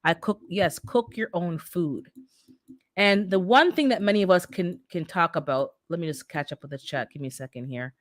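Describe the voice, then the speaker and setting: Reading her chat on a casual livestream, a middle-aged woman who immigrated to North America answers her viewers' comments. She speaks on the low side at a moderate pace, recorded at studio quality with no room sound.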